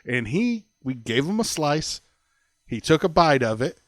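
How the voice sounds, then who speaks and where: A man's voice: fairly high pitch, sing-song, measured pace, dry recording. A man co-hosting a podcast, telling a funny story in casual chat and laughing often. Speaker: podcast co-host.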